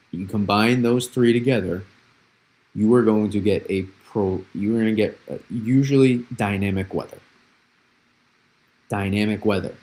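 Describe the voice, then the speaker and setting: A man's voice: lowish voice, a little mellow, rough recording. A young man hosting a live weather analysis stream, explaining patterns with repeated phrases and frequent restarts. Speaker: weather forecaster, host.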